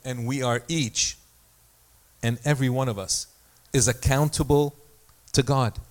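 A man's voice: mid-range voice, fairly even intonation, measured pace. A man preaching a sermon as pastor, talking in a conversational way with self-deprecating asides and small stories.

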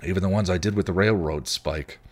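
A man's voice: low voice, brisk. A man voicing a volatile, bitter male vampire who rants and snarls. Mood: snarling. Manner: snarling, ranting.

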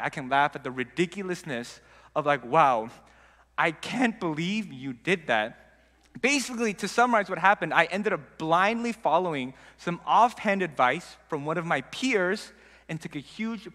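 A young man telling a casual personal story, animated and acting out the people in it. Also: a little high. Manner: animated, acts out quoted dialogue. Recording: long reverb.

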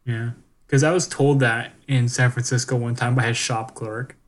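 A man in his twenties from Bakersfield, California, with a Bakersfield accent, co-hosting a podcast in casual chat with dry, quick quips. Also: mid-range voice, fairly even intonation. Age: 20s. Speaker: podcast co-host.

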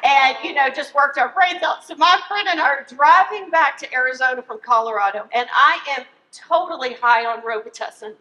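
A woman's voice: high voice, moderate pace, few pauses. A woman speaking to an audience and telling a funny personal story, laughing through it as she teaches. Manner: animated, laughs through her own story. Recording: echoey room.

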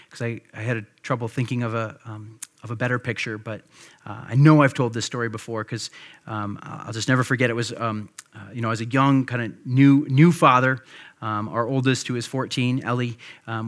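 A man's voice: medium pitch, fairly bright tone. Conversational male pastor preaching. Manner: conversational storytelling with many fillers. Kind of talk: sermon.

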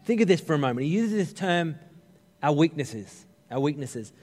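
A man in his thirties preaches in a chatty, humorous way, telling stories. His voice sits a little high for a man. The sound hangs in the long echo of a big church hall. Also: animated, normal speed, a little mellow. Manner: conversational, humorous storytelling preaching. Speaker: pastor. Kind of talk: sermon.

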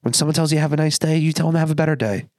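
A man's voice: a little high, racing, darkish tone, dry recording. A young man hosting his own podcast, telling a story in a casual, earnest way and acting out what people said. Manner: earnest storytelling, acts out quoted dialogue. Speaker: podcast host. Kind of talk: casual solo podcast monologue.

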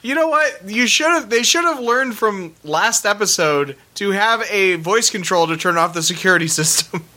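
A man co-hosting a podcast, chatting casually in a wry manner, quick to correct others. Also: high voice, sharp tone. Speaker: podcast co-host. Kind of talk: casual chat.

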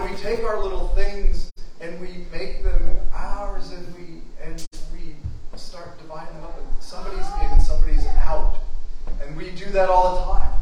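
A man preaching a sermon in a loose, conversational way, slipping into the voices of the people he quotes. His voice sits fairly high. He is recorded from a distance in a very echoey church hall with clear background noise. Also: a little mellow. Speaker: pastor.

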